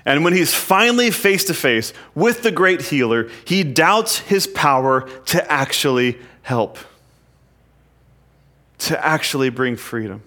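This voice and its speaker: A man's voice: on the high side, a bit bright. A man preaching an expository sermon, reading verses aloud and explaining them earnestly, at times rising to emphatic peaks.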